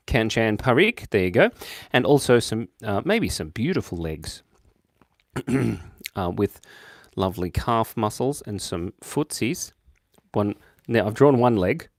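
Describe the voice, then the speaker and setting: Casting note: young Australian man hosting a drawing livestream, goofy, very lively pitch, dry close sound. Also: a little slow, dry recording. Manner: playful, jumps between high excited bursts and quiet mumbles. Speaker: livestream host drawing for chat. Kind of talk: casual live-stream chat while drawing.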